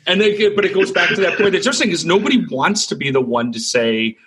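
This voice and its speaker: A man's voice: high voice, fast, a bit bright, husky. A man on a casual panel chat, reflecting and telling an anecdote with frequent restarts.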